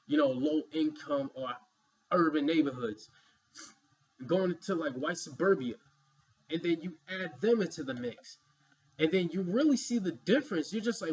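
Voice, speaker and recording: A man's voice: on the high side, lively intonation, normal speed, breathy edge, lo-fi sound. A man giving an emphatic, rambling opinion commentary, filled with "you know" asides. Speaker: vlogger.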